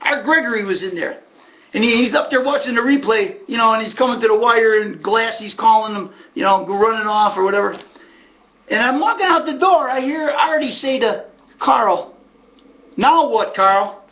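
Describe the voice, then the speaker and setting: A man's voice: very high-pitched, moderate pace. A man casually telling a long story as a podcast host, acting out what others said. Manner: animated, acts out quoted voices. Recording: dull lo-fi audio.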